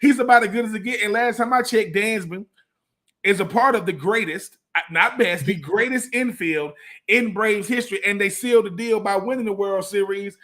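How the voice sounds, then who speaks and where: Man, sports talk co-host, high voice, emphatic, drives points home by repetition. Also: moderate pace, a bit bright. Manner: emphatic, repeats phrases for effect. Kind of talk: casual sports radio chat.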